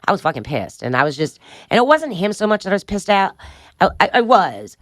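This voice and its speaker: A woman in middle age rattles off a chaotic tale at a brisk clip, blunt and profane, laughing at her own story. Her voice is close and dry, with no room sound around it. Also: medium pitch, sing-song, fairly bright tone, dry recording. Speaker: guest. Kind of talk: candid storytelling interview.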